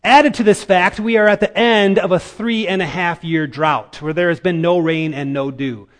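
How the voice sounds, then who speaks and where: A man preaching a sermon, telling a Bible story dramatically with emphatic pauses. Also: high voice. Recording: reverberant hall.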